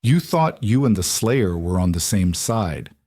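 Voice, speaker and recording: Man playing a sharp-tongued wife, exasperated, pointed questions, raised voice, lively delivery, audiobook. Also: on the low side, measured pace, husky, no room sound, clean studio sound, heavily acted. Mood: alarmed.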